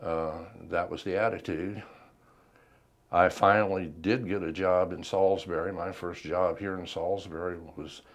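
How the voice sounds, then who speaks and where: Older male veteran interviewee, very low voice, measured reflective delivery. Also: steady tone. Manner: unhurried, reflective, many ums and pauses. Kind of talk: oral history interview.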